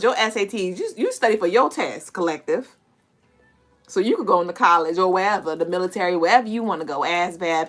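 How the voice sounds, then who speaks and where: A woman's voice: on the high side, very animated, a little fast, sharp tone. A woman hosting a casual collective intuitive reading, talking bluntly and animatedly to listeners, with plenty of cursing and laughter. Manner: addresses listeners directly as y'all and collective. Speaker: spiritual reader and podcast host.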